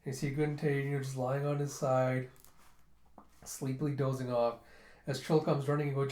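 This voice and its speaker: A man's voice: medium pitch, little pitch movement, moderate pace, a little mellow, roomy sound. A man casually retelling a comic in a loose, chatty way, full of "he's like," at home. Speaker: manga reviewer. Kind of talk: casual read-through narration.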